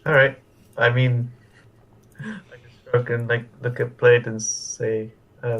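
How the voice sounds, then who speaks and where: A man playing a tabletop game, calm and easygoing. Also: medium pitch, slow, long pauses. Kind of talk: casual in-character play.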